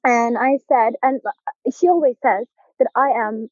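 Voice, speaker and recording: A young adult woman from Turkey with a Turkish accent, a podcast guest telling an animated story and acting out the people in it. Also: fairly high pitch, a little slow, dry recording. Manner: animated, acts out quoted voices, laughs often. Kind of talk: casual interview storytelling. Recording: tinny phone-like line, dry.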